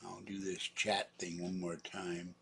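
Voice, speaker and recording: A man's voice: sits low, flat delivery, measured pace, gravelly, a bit bright, slight background noise. Rambling older man livestreaming from home. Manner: wandering, self-mocking, chatting to his cats. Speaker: livestream host. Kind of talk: rambling casual livestream chat. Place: home room with his computer.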